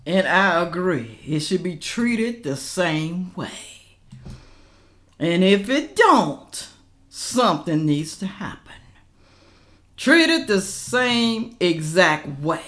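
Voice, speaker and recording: A woman's voice: on the low side, slow. A woman hosting a reaction channel, commenting casually and talking straight to her viewers. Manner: animated, talks straight to viewers as "y'all".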